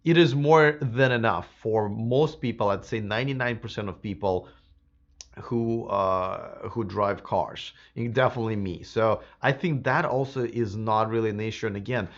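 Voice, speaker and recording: A man's voice: on the low side, moderate pace, highs cut off. Chatty man hosting a live Q&A. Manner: casual and chatty, many fillers and restarts. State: slightly hoarse, losing his voice. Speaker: host of a live electric car stream. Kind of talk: live-stream Q&A, reading viewer comments.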